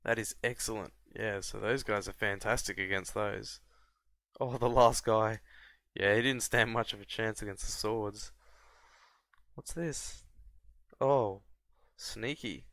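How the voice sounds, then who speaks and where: A man from Australia, casually commentating a strategy game and often breaking into high excited yelps and laughs. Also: unhurried, pauses often, no room sound. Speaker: gameplay commentator. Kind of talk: casual let's-play commentary.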